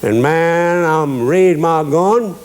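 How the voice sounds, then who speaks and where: A man's voice: on the high side, slow. A man with a Cajun accent hosting a cooking show, mixing kitchen steps with a drawling dialect story and chuckling at his own jokes. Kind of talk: folksy cooking demonstration with storytelling.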